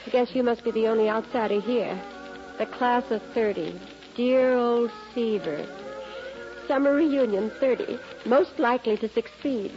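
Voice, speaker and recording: A woman's voice: a little high, unhurried. An actress playing a bashful, self-pitying woman in her forties who has been crying, in a 1940s radio drama. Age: 40s. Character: tearful bashful middle-aged wife at reunion. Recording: dull old radio recording with music and crowd.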